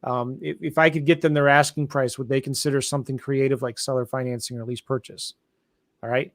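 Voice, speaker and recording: A man hosting a live online tutorial, talking excitedly and addressing viewers directly as guys. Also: medium pitch, brisk, no echo, clean studio sound. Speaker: show host. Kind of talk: enthusiastic live tutorial chat.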